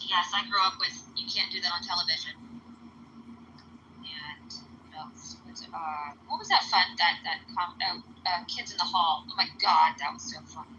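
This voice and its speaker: Bright-voiced Midwestern American woman. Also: lowish voice, normal speed. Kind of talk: casual podcast chat. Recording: muffled online call audio, faint hiss.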